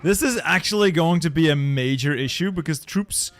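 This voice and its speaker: A man hosting a strategy-game video, talking casually, clearing his throat often, and muttering and repeating himself in a self-deprecating way. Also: a little high, moderate pace. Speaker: gaming video host.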